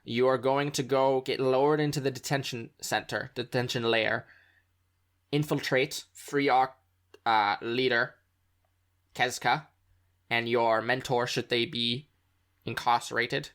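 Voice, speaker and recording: A man's voice: mid-range voice, a little slow, fairly bright tone. A man voicing a formal, earnest male rebel contact in a tabletop game, with a stiff, faintly transatlantic delivery. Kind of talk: tabletop role-play character voice.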